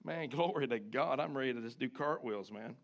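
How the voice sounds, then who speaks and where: A man preaching a sermon, animated, switching between chatty asides and loud shouted lines, acting out the people he quotes. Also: mid-range voice, a little fast, highs cut off. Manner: acts out the congregation and the people he quotes. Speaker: pastor.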